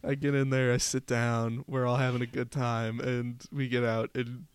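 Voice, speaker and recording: Smooth-voiced young man telling stories. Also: mid-range voice, flat delivery, moderate pace, no echo. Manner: laughs through his stories, playful. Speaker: podcast co-host. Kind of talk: casual storytelling chat.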